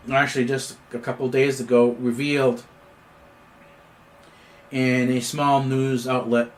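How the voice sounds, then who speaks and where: A man's voice: mid-range voice, fairly bright tone. A man hosting his own news commentary show, talking off the cuff with many fillers and restarts. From Canada. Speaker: host of an independent news commentary channel. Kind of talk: unscripted political commentary monologue.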